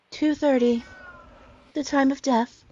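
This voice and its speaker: Giggly high-voiced woman hamming up game lines. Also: a little mellow, muffled recording. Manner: giggly, playful, keeps trying silly accents. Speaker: game streamer. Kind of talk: reading game dialogue aloud with put-on accents.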